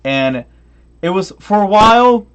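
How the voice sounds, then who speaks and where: A man's voice: high voice, lively intonation, a little slow, fairly bright tone, smooth. A tipsy young man ranting on a stream, swearing heavily, restarting often and drifting off on tangents.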